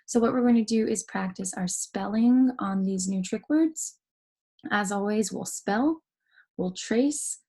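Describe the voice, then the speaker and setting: A woman teaching a phonics lesson to young children online, patient and clear, slowly stretching out sounds and letters. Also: medium pitch, dark tone.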